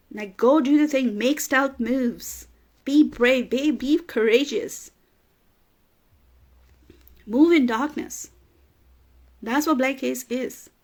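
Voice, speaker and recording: Woman, business coach, motivational talk, emphatic, repetitive, slightly high pitch. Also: darkish tone. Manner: emphatic, repeats phrases for emphasis; gets emotional, laughs through tears.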